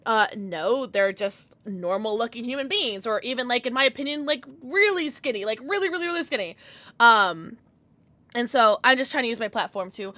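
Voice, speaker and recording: A woman's voice: mid-range voice, bright, forceful tone, no room sound. A woman in her thirties chatting casually with her stream viewers, affectionate and full of fillers.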